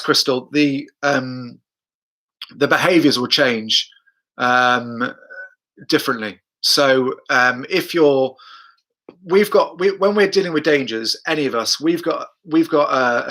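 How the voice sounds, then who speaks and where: A man's voice: medium pitch, measured pace, sharp tone. A man, a dog trainer, talking through his methods and answering viewers' questions on a live stream, chatty, repeating himself and speaking the dog's thoughts aloud.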